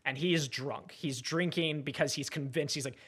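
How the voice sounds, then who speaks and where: A man co-hosting a podcast, excitedly retelling a film's plot and acting out the characters' lines. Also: on the high side, moderate pace, slightly rough. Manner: animated plot retelling, acts out quotes. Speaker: podcast co-host. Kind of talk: casual film discussion.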